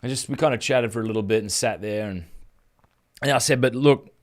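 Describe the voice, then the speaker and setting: Australian man, 30s, chatty, earnest, mid-pitched voice, live stream host. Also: brisk. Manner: casual, chatty, earnest, many restarts. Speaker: Catholic speaker and podcast host. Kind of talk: live stream talk, storytelling.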